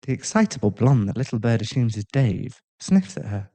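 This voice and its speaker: A man narrating an audio role-play story in a calm, even way. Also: medium pitch, brisk.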